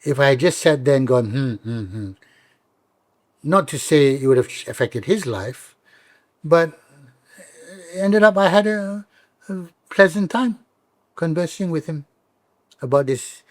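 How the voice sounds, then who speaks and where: A middle-aged man with a Malaysian English accent, chatting as a comedian guest in an interview, telling stories lively and acting out the voices of people he quotes. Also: fairly high pitch, unhurried, long pauses, no echo. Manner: animated storyteller, acts out quoted voices. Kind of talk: casual interview chat.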